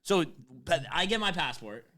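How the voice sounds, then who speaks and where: A man in his twenties telling a story in casual chat, animated, swearing and laughing as he goes. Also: fairly high pitch, normal speed. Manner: animated, swears often, laughs mid-sentence.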